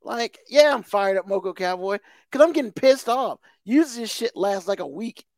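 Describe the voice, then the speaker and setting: A man's voice: high voice, expressive, moderate pace, darkish tone, no room sound, clean studio sound. Fired-up, foul-mouthed man ranting. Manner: heated, swears constantly, emphatic repetition. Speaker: podcast co-host. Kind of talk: casual profane rant.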